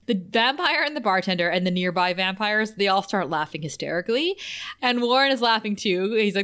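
Podcast co-host, woman, mid-pitched voice, casual recap of scenes. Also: expressive, brisk, fairly bright tone. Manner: recounts scenes by reading out character lines.

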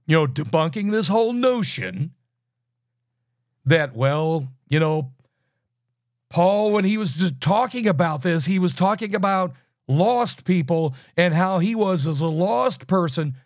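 A man's voice: animated, a little slow, no room sound, clean studio sound. Emphatic man teaching a Bible lesson. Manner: emphatic, swings from loud bursts to low asides.

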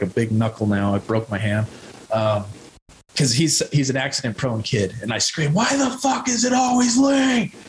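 A man in his thirties tells a rambling personal story as a podcast guest, his voice sitting in an ordinary middle range. He talks raw and unpolished, with restarts and sudden shouted quotes. A faint hiss runs under the recording. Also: mid-range voice, rough recording.

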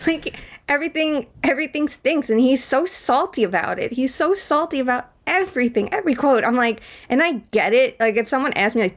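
A woman's voice: fairly high pitch, animated, fast talker, fairly bright tone. A woman co-hosting a casual hockey podcast, chatty and giggly, talking with lots of fillers. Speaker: podcast co-host.

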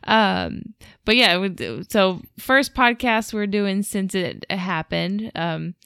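A woman's voice: medium pitch, lively intonation, takes it slowly, creaky, fairly bright tone, smooth, no echo, clean studio sound. A woman co-hosting a podcast, telling a story in casual chat with lots of fillers and frequent laughs. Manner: chatty storyteller, laughs often, many fillers. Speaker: podcast co-host.

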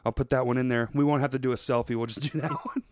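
Racing through his stories, a podcast co-host chats casually, cursing liberally and laughing a lot. His mid-range voice stays steady in tone, and the studio recording is clean, without room sound.

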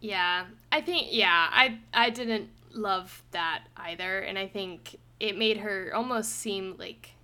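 A young woman hosting a casual book review podcast, animated and quick to laugh, with lots of "like" fillers. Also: mid-range voice, clean tone. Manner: animated, laughs often, says "like" a lot. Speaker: podcast host.

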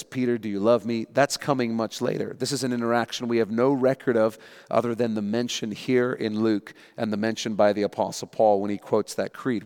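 Animated preacher man in a reverberant hall. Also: mid-range voice, clean tone. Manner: animated storytelling, acting out panicked voices. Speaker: pastor. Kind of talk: sermon.

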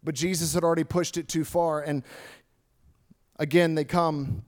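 A man preaching a sermon in church, telling a story in an animated, dramatic way. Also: a little high, moderate pace. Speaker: pastor. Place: church stage with a band.

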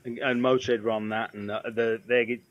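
A man, a guitar tech guest, telling rambling road stories in casual chat and dropping into quick impressions. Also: medium pitch, flat delivery, highs cut off.

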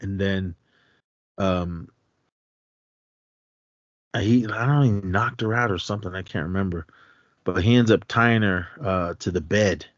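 A man co-hosting a podcast, retelling a film scene in a rambling, halting way with many fillers. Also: low-pitched, no echo, muffled recording. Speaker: podcast co-host. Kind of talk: casual film recap.

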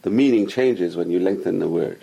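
A man with a gravelly, husky voice leads a casual class, insistent and repetitive as he drills his students on pronunciation. His tone is that of a teacher explaining the same point several ways. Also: sits low, brisk, mellow. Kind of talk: casual religious lesson to a small class.

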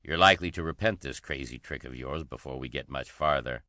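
A brusque ship commander, as a man plays him barks curt orders. The voice is very deep with a bright, forceful edge. The sound is dry. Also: fairly quick, dry recording. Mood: commanding.

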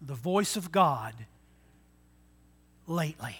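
A man in his sixties, a pastor preaching a sermon, swinging between loud emphatic lines and quiet asides. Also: on the high side, expressive, slow pace, breathy edge. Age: 60s.

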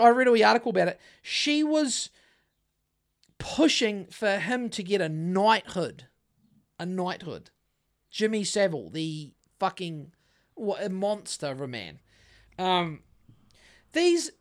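A man co-hosting a casual podcast, rambling and swearing through many restarts. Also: high-pitched. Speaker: podcast co-host. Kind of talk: casual conspiracy podcast chat.

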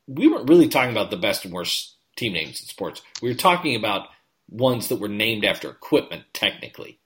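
A man chats about football as a podcast co-host, animated and quick to restart his sentences. His voice swings widely in pitch and has a bright, forward tone. The talk is loose and conversational. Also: slight background noise. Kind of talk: casual sports chat.

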